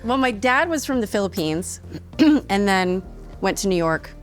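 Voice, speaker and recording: Over a meal in a studio kitchen, a voice actress from Texas is interviewed casually, talking with animation and frequent laughter. She has an expressive mid-range voice and an unhurried pace, and faint music plays behind her.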